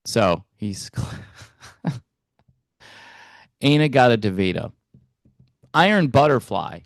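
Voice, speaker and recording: A man hosting a music commentary channel, talking in a relaxed, hesitant way with wry asides. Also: medium pitch, slow, creaky, no room sound, studio quality. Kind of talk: casual reaction commentary.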